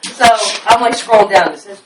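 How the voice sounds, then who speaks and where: A person telling a story in casual chat, animated and laughing often while they talk. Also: medium pitch, a little fast. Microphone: phone recording. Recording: echoey room, far from phone mic, loud noise.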